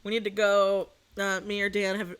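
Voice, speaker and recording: A young adult woman streaming from home as a VTuber, telling a story in a casual, animated rant full of swearing and sudden outbursts. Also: mid-range voice, moderate pace, clean tone.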